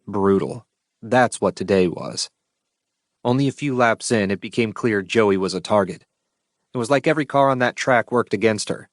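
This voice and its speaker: A man narrates a first-person story in a blunt, cursing manner. His voice sits a little low and sounds dry and close to the mic. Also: normal speed, dry recording. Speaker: audiobook narrator.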